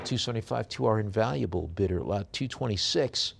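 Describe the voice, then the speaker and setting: A man working as an auctioneer. He describes each lot slowly, with many fillers, then chants the bids in quick runs. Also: fairly low pitch, gravelly, slight background noise. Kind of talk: live auction bid calling.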